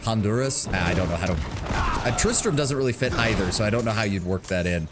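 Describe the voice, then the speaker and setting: A man's voice: lowish voice, animated, fast talker. A man streaming a game live, rambling casually to himself and his viewers and swearing now and then. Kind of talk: casual live gameplay commentary. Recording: loud game music behind the voice.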